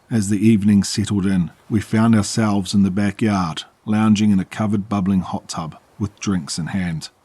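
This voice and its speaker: A man narrating a horror story in a calm, measured way. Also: sits low, breathy edge.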